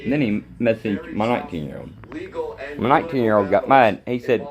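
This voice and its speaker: A man's voice: lowish voice, lively intonation, moderate pace, muffled recording, crowd noise. A middle-aged man, ranting angrily and repetitively to the camera. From Kentucky. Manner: agitated, repetitive, plain-spoken. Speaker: vlogger. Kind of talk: angry rambling rant to camera.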